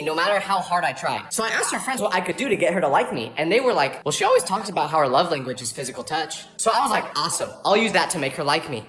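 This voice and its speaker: Young guy doing a rapid comedy storytime, voice swooping all over, bit of room echo. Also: high voice. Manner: fast animated storytelling with exaggerated asides.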